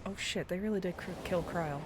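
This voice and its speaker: A woman's voice: lowish voice, fast talker, loud music behind the voice. A young adult woman chatting casually and teasing her chat while playing a game live, laughing often. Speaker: gaming streamer.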